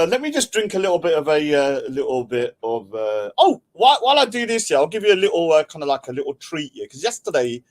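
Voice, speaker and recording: A middle-aged man, casually rambling and joking while he hosts a livestream and reads out chat. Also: a little high. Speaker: livestream host.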